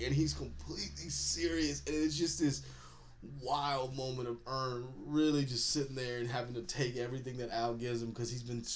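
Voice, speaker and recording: A man's voice: mid-range voice, a little mellow. A man hosting a podcast, recapping a TV episode in casual talk, laughing often and acting out the characters' lines. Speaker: podcast host.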